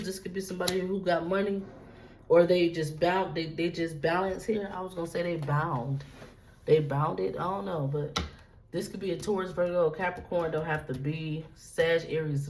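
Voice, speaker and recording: A woman's voice: low-pitched, darkish tone, slight background noise, poor audio. Woman doing a loose, profane tarot reading. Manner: loose, profane, repetitive, talks straight to the viewer. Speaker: tarot reader.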